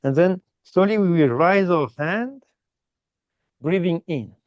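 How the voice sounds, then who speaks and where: A man teaching meditation in slow, simple English with small grammar slips, checking in often with "okay?". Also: high voice, animated, dry recording, lo-fi sound. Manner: explains slowly and repeatedly, ending phrases with "okay?". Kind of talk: guided meditation instruction.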